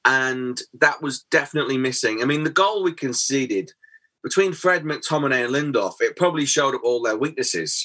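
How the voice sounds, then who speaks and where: A man hosting a football podcast, chatting casually and analysing a match in quick, lively talk. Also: medium pitch. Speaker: podcast host.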